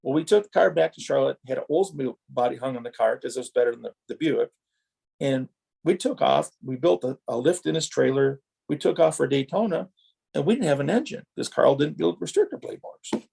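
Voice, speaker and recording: A middle-aged former racer from Wisconsin, a guest on a podcast, spins rambling racing stories and acts out the exchanges he quotes. His medium-pitched voice is gravelly with a breathy edge, and he talks a little fast, keeping the anecdotes animated.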